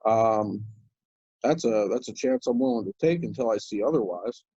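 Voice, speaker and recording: A man's voice: on the low side, normal speed, warm tone, breathy edge, no room sound, lo-fi sound. A man chatting casually on a video call, rambling with lots of fillers and restarts. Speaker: guest crypto commentator. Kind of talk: casual chat.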